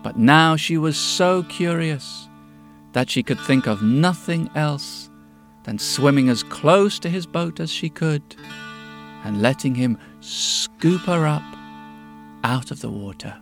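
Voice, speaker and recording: A man's voice: fairly high pitch, animated, slow, vocal fry, faint music behind. A man telling a story in a dramatic way, often dropping to a whisper. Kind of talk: spoken storytelling to music.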